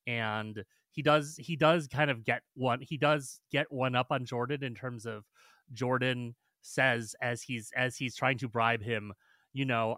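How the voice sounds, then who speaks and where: Bright-voiced, hesitant male podcast co-host. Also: medium pitch, fairly even intonation, moderate pace, no echo. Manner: hesitant, many ums, poses questions. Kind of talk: casual film discussion.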